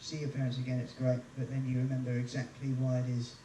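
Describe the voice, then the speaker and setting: A man's voice: mid-range voice, monotone, quick pace, warm tone, slight background noise. A man entertaining a cruise ship audience, telling self-mocking jokes between songs into a stage mic. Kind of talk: live singing and stage banter. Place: large room on a cruise ship, live with audience. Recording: echoey, distant live recording with band.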